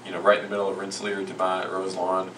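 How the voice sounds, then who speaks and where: Low voiced guy, laid back, echoey room, steady hiss in the background. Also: fast talker. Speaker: guest boxing coach. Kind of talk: casual interview chat. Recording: roomy echo, far from the mic, clear noise.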